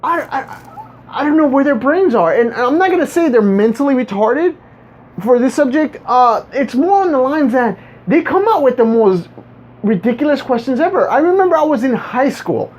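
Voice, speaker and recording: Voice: high-pitched, expressive, moderate pace. A vlogger ranting casually to viewers, rambling and stumbling over repeated words with a sarcastic edge. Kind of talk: casual monologue rant. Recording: dull lo-fi recording.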